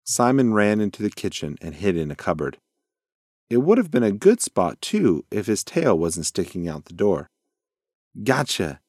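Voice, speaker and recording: A man reading a children's bedtime story aloud in a gentle, lively storytelling way. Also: fairly low pitch, normal speed, no echo, clean studio sound. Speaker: narrator.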